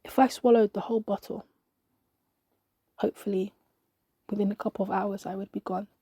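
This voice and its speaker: Woman narrator, mellow and breathy, dry close sound, slow intimate monologue that drifts into whispers. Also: medium pitch, fairly even intonation, no echo. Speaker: podcast narrator. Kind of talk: scripted dramatic monologue.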